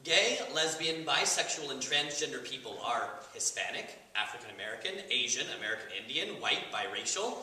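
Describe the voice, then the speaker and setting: Guy reading a script on stage, super bright voice, big echoey room, faint hiss. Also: mid-range voice, expressive, a little fast, hardly any pauses. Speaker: event host. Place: campus stage. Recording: echoey hall, mic far off, faint hiss.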